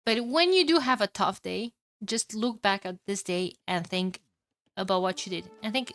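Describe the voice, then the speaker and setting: A woman's voice: mid-range voice, normal speed, no room sound. Romanian accent lady streamer casting games, hyped and chatty, dry close mic. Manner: excitable, chatty, bursts of loud exclamations, casual swearing. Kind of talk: live game commentary and chat reading.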